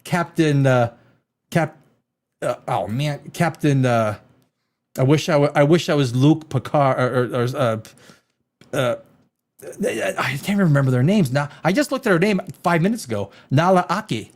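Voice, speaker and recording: A male host reviews a TV show on a casual live stream. He rambles in an exasperated way and throws in sarcastic asides. His voice sits somewhat high and swings widely in pitch. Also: lively intonation, a little slow.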